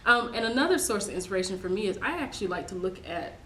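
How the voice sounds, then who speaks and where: Chatty woman in a roomy room. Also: fast talker. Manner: chatty, bursts into excited high exclamations. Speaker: co-host. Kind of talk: casual chat. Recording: roomy studio with faint hiss.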